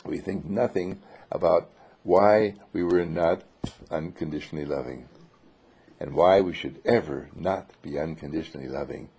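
A man giving an inspirational spiritual talk, animated and breaking into laughs, acting out the voices he quotes. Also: extremely low pitch, moderate pace, creaky, slight background noise. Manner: laughs between phrases. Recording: dull lo-fi recording.

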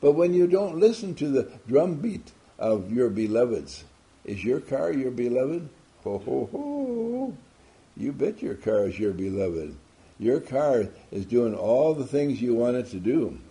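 A man's voice: medium pitch, animated, measured pace, warm tone. A man giving an emphatic motivational talk to a group, asking many rhetorical questions. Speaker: motivational speaker.

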